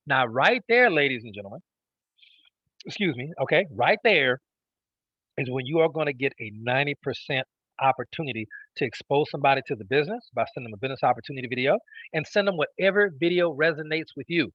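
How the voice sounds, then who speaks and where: A man's voice: medium pitch, expressive, fast talker, dry recording, muffled recording. A man teaching a sales training class, emphatic and repetitive, often checking in with his listeners. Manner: emphatic, repeats key phrases, checks in with "okay?". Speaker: network marketing trainer. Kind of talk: instructional talk.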